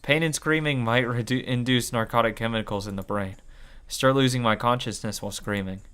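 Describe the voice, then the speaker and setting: A man's voice: medium pitch, brisk, fairly bright tone, clear, resonant tone. A man reading a visual novel aloud as a let's play, swearing and commenting as he goes. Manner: swears and comments between lines.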